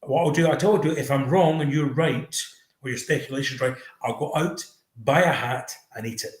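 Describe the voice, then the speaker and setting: A man's voice: mid-range voice, a little fast. A man co-hosting a podcast in casual chat, making wry, teasing remarks. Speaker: podcast co-host. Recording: roomy echo.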